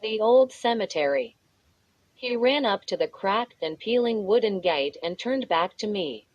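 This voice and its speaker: A woman narrating a spooky children's story in a measured, steady reading voice. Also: medium pitch, no room sound, dull audio. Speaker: audiobook narrator.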